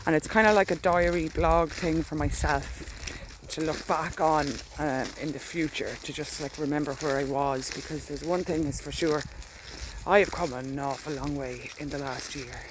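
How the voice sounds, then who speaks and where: A woman's voice: low voice, steady tone, normal speed, background noise. Irish woman, candid rambling vlogger on a field walk, faint rural air behind. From Ireland. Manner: chatty, candid, walks while talking. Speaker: dog walker vlogging. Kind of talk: casual rambling diary vlog.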